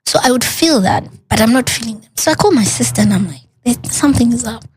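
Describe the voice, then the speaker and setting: A woman, a guest recounting a personal loss in an interview, animated and earnest, acting out the dialogue. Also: fairly high pitch, quick pace.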